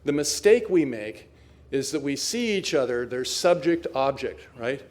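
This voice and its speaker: A man's voice: medium pitch, big pitch swings, a little slow, darkish tone. A man in his seventies giving a personal talk at a recovery meeting, telling his story in a wry, self-mocking way. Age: 70s.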